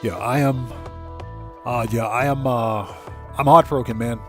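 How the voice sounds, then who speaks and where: A man's voice: medium pitch, measured pace, long pauses, music in the background. Laid-back man hosting a game stream. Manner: relaxed, rambling, greets chat viewers by name. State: choked up. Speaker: livestream host. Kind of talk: casual gaming livestream chat.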